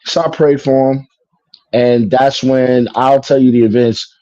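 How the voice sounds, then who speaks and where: A man tells his story in an easygoing, streetwise way, with a mellow, warm tone. He slips into the voices of the people he quotes, and the recording sounds dull and lo-fi, close and dry with no room echo. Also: medium pitch, unhurried. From Chicago. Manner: animated, mimics people in quotes, streetwise slang. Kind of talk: casual storytelling conversation. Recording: dull lo-fi broadcast audio.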